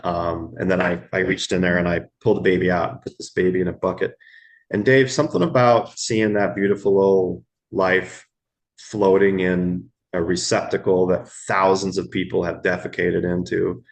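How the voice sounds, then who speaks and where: A middle-aged man, telling stories from his years as an emergency room medic in a podcast interview, slow and halting, repeating words as he goes. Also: low-pitched, level tone. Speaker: guest, former ER medic.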